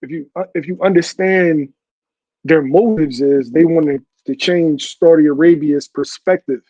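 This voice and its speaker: On a casual online talk show, a co-host with a slightly high, slightly slow, mellow voice insists on his point, repeatedly cutting the others off to break it down. The audio is dull with no echo.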